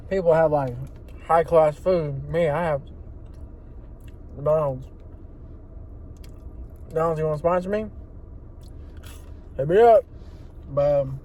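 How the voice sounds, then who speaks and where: A man's voice: on the high side, warm tone. A man vlogging in a rambling, profane way while eating in a car parked in an empty lot. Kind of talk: casual rambling monologue.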